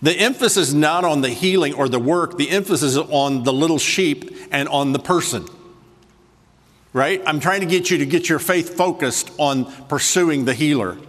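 A man preaching a sermon to a congregation, switching between slow, soft emphasis and quick conversational asides. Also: a little high, big-room sound. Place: church sanctuary with a congregation.

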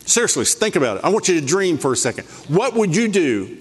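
Guy preaching, lively and playful, reeling off bible verses, big hall echo. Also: a little high, breathy edge. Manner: lively, playful preaching, rapid scripture references. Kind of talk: sermon. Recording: long hall reverb.

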